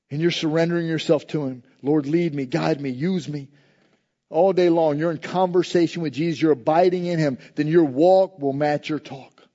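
Preaching man with a dull, lo-fi sound. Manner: impassioned preaching, rising loud and high in acted prayers. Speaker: pastor. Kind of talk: sermon.

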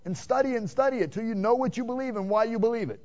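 A man preaching a sermon, asking the congregation questions and swinging between loud emphatic calls and hushed, quiet passages. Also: extremely high pitch, racing. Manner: direct, addresses listeners with "man" and rhetorical questions. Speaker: pastor. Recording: dull lo-fi sermon recording.

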